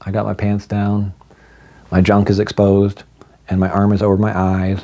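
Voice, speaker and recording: A man's voice: on the low side, monotone, normal speed, mellow. A man telling a personal story in a casual vlog, with wry, self-deprecating humor.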